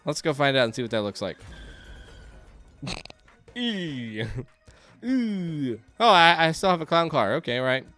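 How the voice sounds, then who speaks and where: A man giving excitable let's-play commentary, yelping and laughing as things go wrong on screen. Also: medium pitch, normal speed, pauses often, clear, resonant tone, soft background music. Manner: excitable, yelps and laughs at chaos. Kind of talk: game commentary.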